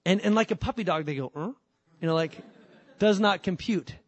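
A middle-aged man preaching a sermon as pastor, animated and acting out little voices and quotes as he teaches. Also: high-pitched, brisk, lo-fi sound. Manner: animated, acts out voices of God and his kids.

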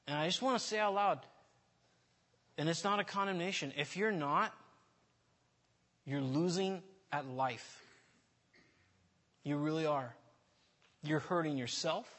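A man's voice: fairly high pitch, unhurried, long pauses, a bit bright. A man giving an informal sermon in a candid, self-deprecating, conversational way, often restarting his sentences. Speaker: preacher.

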